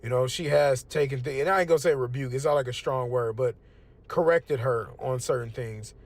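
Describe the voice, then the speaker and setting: A young American man gives a casual religious testimony that's both conversational and preachy. He speaks briskly in a medium-pitched voice.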